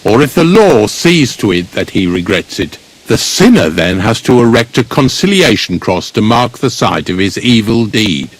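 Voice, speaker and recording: An actor playing a blunt, grumbling village gravedigger in a video game, speaking. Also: male voice, fairly low pitch, very animated, normal speed, hardly any pauses, husky. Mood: gruff.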